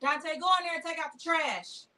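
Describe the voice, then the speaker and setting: A woman's voice: high voice, moderate pace, pushed and bright, recorded from a distance. A woman, the host's wife, reading short lines aloud when he asks her to. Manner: reads short lines as instructed.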